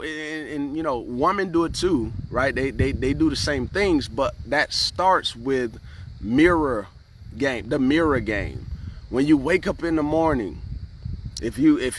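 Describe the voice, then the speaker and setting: A man's voice: on the high side, a bit bright, slight background noise. Earnest man hosting a motivational livestream. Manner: earnest, repeats words, keeps asking "right?"; greets viewers by name from the comments. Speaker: live-stream host and motivational speaker. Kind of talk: casual live-stream motivational talk.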